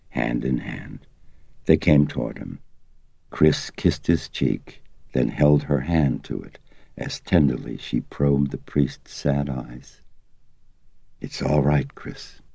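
A man reading an audiobook in measured, expressive scripted narration, close to the mic. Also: extremely low pitch, vocal fry, slightly rough, no echo.

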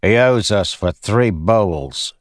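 A man voicing a haughty male den keeper who speaks slowly and officiously in an audiobook. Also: fairly low pitch, expressive, dry recording, clean studio sound, pitched above the performer's own voice.

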